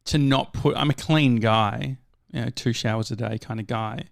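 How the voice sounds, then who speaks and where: An Australian man co-hosting a casual podcast, wandering through his stories and restarting his sentences as he goes. His voice sits at an ordinary middle pitch, and the sound is dry and close on the mic. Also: moderate pace, gravelly, no room sound. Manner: rambling, self-correcting storyteller. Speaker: podcast co-host. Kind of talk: casual chat.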